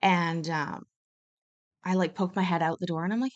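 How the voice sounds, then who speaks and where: A woman's voice: on the low side, steady tone, normal speed, highs cut off. A woman live streaming from a hotel room, telling stories in a blunt, profane, casual chat.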